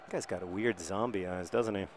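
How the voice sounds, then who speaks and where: A low-pitched, brisk male voice, with slight hiss or hum in the audio, narrates casual gameplay. The man, in his thirties, is drained as he recovers from illness, yet his sardonic, wandering remarks give way now and then to excited hollering.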